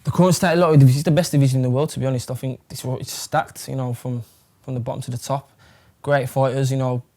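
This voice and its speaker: A man's voice: mid-range voice, fairly even intonation, fast, a little mellow. A young man from England, chatting casually in an interview, rambling with plenty of fillers and swearing. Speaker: fighter.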